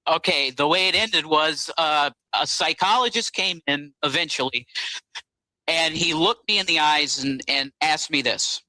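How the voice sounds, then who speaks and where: A man guest on a talk show, recounting events in a halting, rambling way with many fillers. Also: fairly high pitch, sharp tone, no room sound, poor audio. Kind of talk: casual phone-in interview.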